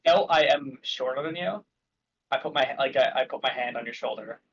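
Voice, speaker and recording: Brief: easygoing man player, medium pitch, muffled lo-fi sound. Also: moderate pace, slight background noise. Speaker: tabletop game player. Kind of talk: casual in-character chat.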